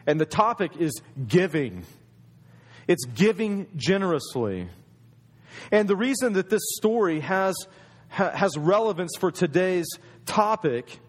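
A man preaching a sermon in a conversational storytelling way, acting out the voices of people in his stories. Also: on the high side. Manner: storytelling, acts out quoted voices.

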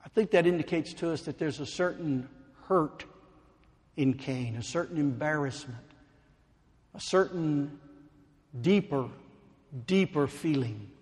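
A man preaching a sermon, slow and emphatic, building to fervent pleading. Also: a little high, a little mellow. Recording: long hall reverb.

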